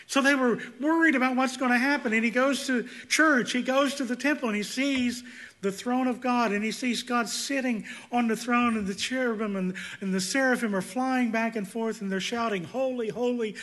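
A man preaching a sermon, swinging between loud emphatic peaks and hushed, intense passages. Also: very high voice, moderate pace. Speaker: pastor.

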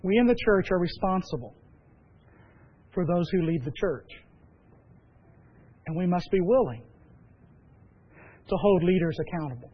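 A man preaching as pastor, emphatic and measured, with repeated phrases. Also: high-pitched, animated, slightly rough, lo-fi sound. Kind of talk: sermon.

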